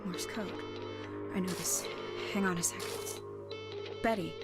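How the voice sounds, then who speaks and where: An actress voicing a resourceful blind young woman who thinks aloud in a hushed voice in a video game. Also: fairly low pitch, a little slow. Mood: urgent. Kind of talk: video game voice acting, quiet inner monologue. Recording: game audio under music.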